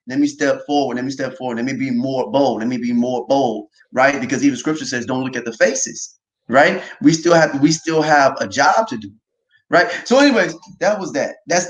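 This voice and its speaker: A man hosting a casual faith talk livestream, animated and often laughing, tagging lines with "right?". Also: mid-range voice, low-quality recording. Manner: animated, quick to laugh, repeats himself, says "right?" often. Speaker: podcast host.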